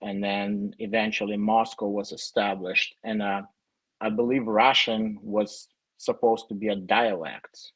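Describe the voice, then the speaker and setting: A man's voice: lowish voice, level tone, measured pace, a bit bright, husky, no echo, rough recording. A young man with a Ukrainian accent who grew up in Ukraine, answering questions over a video call in a casual, hesitant way with many fillers. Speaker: guest.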